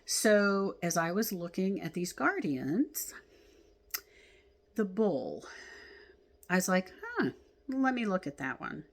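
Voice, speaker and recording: A woman leading a spiritual class, talking in a gentle, heartfelt way with sighs and soft laughs as she reflects on oracle card guidance. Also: mid-range voice, sing-song, slow pace, pauses often. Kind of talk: reflective spiritual talk, reading from oracle cards.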